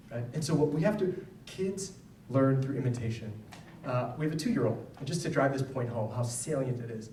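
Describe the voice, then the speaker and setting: This is a conversational public lecture for parents in a school event hall, given by a psychologist who tells personal stories and often asks "right?". His mid-range voice is a little mellow. A distant mic captures a roomy sound with faint ambience and slight background noise.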